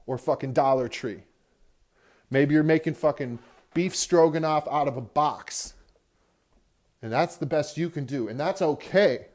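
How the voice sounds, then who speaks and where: A man's voice: a little high, darkish tone. A young man hosting a podcast, ranting in a rambling casual monologue, swearing constantly, recorded in a car while driving. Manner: profane, ranting, heavy swearing. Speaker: podcast host.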